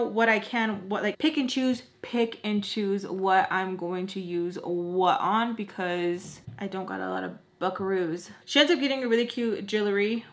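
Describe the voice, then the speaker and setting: A young woman spills a storytime to her camera while doing makeup, talking casually and with slang. She keeps slipping into quick put-on voices for the people in the story, then drops back into her mid-pitched, everyday tone. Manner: animated, acts out quotes with voices, slangy. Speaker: vlogger.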